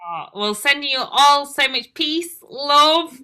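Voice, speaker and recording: Bright Yorkshire woman host. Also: high voice, animated, slow. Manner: chatty, playful, warm sign-off patter. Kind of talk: casual interview chat.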